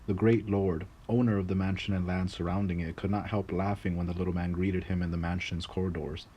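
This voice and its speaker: A man narrating a folk tale in a measured, grave reading voice, with a few small restarts. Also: low voice, level tone, mellow, slight background noise, low-quality recording. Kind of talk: storybook narration.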